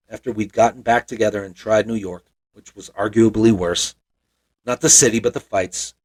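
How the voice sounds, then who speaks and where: A man in his forties from Montana, telling a personal story as a podcast host in a reflective, wry, self-deprecating way. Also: lowish voice.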